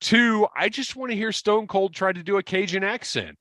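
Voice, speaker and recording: A man co-hosting a podcast in casual chat, animated and quick to exclaim. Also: high voice, no room sound, clean studio sound. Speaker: podcast co-host.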